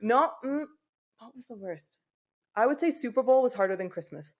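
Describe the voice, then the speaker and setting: A woman's voice: on the high side, lively intonation, normal speed. A young woman from England, a podcast guest in casual chat, talking candidly with frequent swearing and laughter. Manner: candid, profane, laughs often, acts out her own thoughts.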